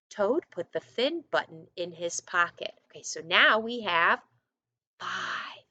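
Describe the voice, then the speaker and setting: A woman first grade teacher reading a storybook aloud to her class, animated and coaxing, with little asides to the children. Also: on the low side, slow, no room sound, dull audio.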